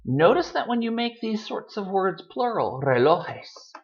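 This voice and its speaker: A man explains pronunciation rules to his students in a patient, conversational way, dropping in casual fillers as he goes. His pitch rises and falls a lot from one phrase to the next. The recording sounds dull and lo-fi. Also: sing-song, measured pace, husky. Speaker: Spanish teacher.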